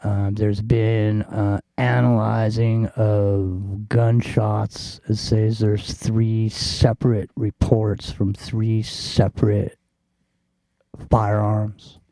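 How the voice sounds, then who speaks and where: A man's voice: lowish voice, little pitch movement, extremely slow, creaky, mellow, dry recording. A man hosting a talk radio show, chatting in a laid-back, drawling way. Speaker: radio host. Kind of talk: casual talk radio chat.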